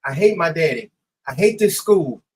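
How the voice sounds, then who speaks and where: A man's voice: on the high side, animated, moderate pace, a little mellow, a little hiss or hum, close to an everyday voice. A man voicing a sulky teenage boy who keeps whining to his mother on the phone. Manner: whiny, repetitive complaining.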